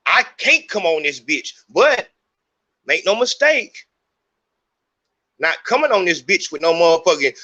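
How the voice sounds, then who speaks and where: A man's voice: sits high, big pitch swings, unhurried, long pauses, sharp tone, highs cut off. A middle-aged man hosting a podcast, talking in a heated, profane, rambling monologue. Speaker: podcast host. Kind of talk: unscripted monologue.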